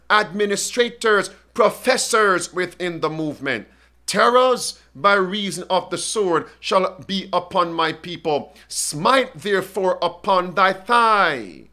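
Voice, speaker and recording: A man preaching a sermon, reading scripture aloud and asking his listeners questions with slow emphasis. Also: high-pitched, sharp tone.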